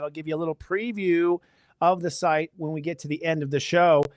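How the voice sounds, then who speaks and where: Male astrology host, casual and enthusiastic, slightly high voice, dry close sound. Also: no room sound. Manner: chatty, energetic, spiritual enthusiasm. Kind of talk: casual live astrology talk.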